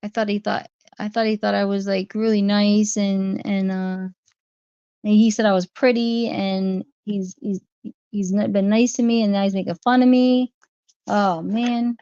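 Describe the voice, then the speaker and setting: Gravelly-voiced woman chatting on a livestream. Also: medium pitch, level tone, unhurried, warm tone, dry recording. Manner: chatty, answering viewers' chat comments one by one. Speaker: livestream host. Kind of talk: casual livestream chat. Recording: dry, dull lo-fi stream audio.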